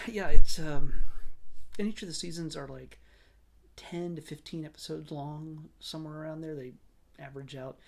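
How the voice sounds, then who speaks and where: A man's voice: fairly high pitch, gravelly. A man hosting a casual commentary vlog, rambling through his review with self-corrections and chuckling asides. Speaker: show host reviewing a streaming series.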